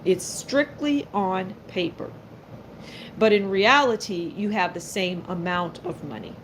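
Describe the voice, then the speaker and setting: A woman's voice: mid-range voice, measured pace, a little hiss or hum. A woman doing a live-stream tarot reading. She is blunt and sassy and speaks straight to her viewers. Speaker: tarot card reader.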